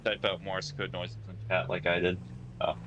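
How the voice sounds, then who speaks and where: A man's voice: low voice, moderate pace, lo-fi sound. A man streaming a driving game, chatting casually and answering his viewers' chat messages as he plays. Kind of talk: casual live-stream chat while playing. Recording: steady noise and hum behind the voice.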